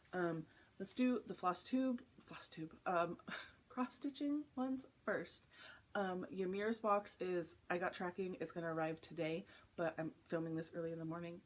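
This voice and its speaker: This is a young woman talking on her cross-stitch vlog, a flosstube creator rambling through a story with plenty of asides. It's early morning at home, and her lowish voice comes with a little hiss or hum.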